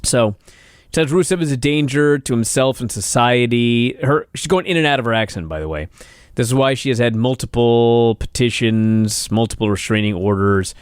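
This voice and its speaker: A man's voice: medium pitch, moderate pace, smooth, dry recording, studio quality. Wry man running down the show. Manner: wry, running rundown of the show's segments. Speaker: podcast co-host. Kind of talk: casual wrestling recap chat.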